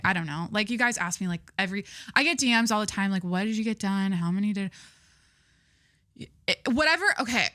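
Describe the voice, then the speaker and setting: Young adult woman podcast host; bright voice, dry close sound; rambling, gushing, candid delivery. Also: mid-range voice, dry recording. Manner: rambling, chatty, frequent fillers and restarts; gushing, candid, swears casually. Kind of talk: casual chat.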